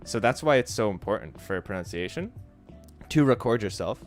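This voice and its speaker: A man streaming a casual Japanese study session, talking in a relaxed, chatty way and sounding out pronunciation examples aloud. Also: lowish voice, normal speed, soft background music. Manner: frequent fillers like "like" and "so". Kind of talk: casual instructional livestream.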